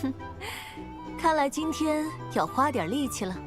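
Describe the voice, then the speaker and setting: An actress voicing a composed woman who runs a drinking game in a video game, speaking in a poised, teasing, measured way. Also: high-pitched, lively intonation. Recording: game audio with music beneath.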